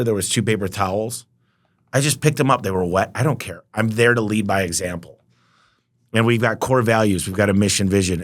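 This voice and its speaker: A man telling business stories as a podcast guest, emphatic and energetic, often acting out both sides of conversations. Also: on the low side. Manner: energetic, emphatic, acts out quoted dialogue. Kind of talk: storytelling interview talk.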